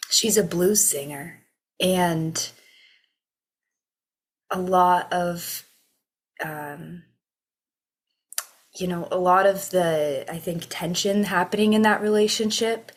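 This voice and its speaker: A woman co-hosting a podcast, talking things through in an unhurried, thoughtful way with frequent ums and likes. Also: fairly low pitch. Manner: unhurried, thoughtful, lots of fillers. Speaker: podcast co-host. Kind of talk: casual podcast discussion.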